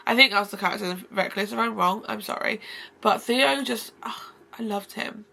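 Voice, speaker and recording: A woman's voice: medium pitch, moderate pace, vocal fry, pushed and bright. A woman book vlogger gushing effusively about favorite characters in a casual, rambling way. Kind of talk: casual book-review vlog.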